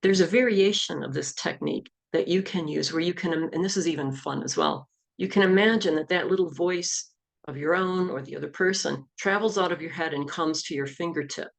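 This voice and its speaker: A woman's voice: fairly low pitch, fairly quick, vocal fry. A middle-aged woman, an executive coach and hypnotherapist, explaining self-help techniques in an easygoing talk.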